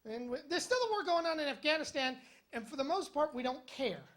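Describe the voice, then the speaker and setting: On a comedy club stage before a live audience, a male stand-up comedian tells jokes and stories in a wry, conversational style, landing punchy lines. His voice is extremely high-pitched and fairly bright, animated, and a little fast.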